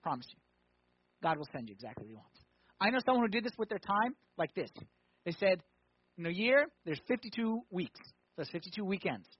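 A man preaching a conversational sermon, asking the crowd questions and swinging from loud emphatic points to quiet ones. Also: high-pitched, big pitch swings, fairly quick, husky, no room sound, lo-fi sound. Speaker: pastor.

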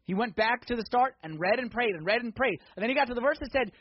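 A man preaching a sermon in a church, swinging from hushed intensity to loud, excited exhortation. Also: very high voice, fast, lo-fi sound, a little hiss or hum. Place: church sanctuary.

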